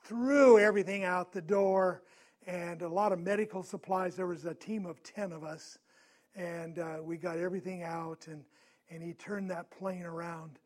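Male preacher, high-pitched, conversational sermon storyteller who asks his listeners questions. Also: steady tone, normal speed. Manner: grows louder and more urgent at tense moments.

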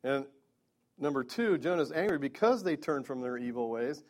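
A man's voice: mid-range voice, animated, moderate pace. Earnest man preaching with stammering restarts. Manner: earnest, stammering restarts, rising to emphatic peaks. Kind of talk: sermon, Bible teaching.

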